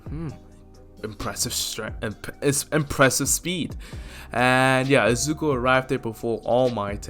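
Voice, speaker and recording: A young man spinning a fan-made what-if story, loose and rambling, tossing in fillers as he goes. His pitch sits in a middling range. Soft lofi music runs faintly in the background. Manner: rambling, filler-heavy, relaxed. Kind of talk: casual fan-story narration.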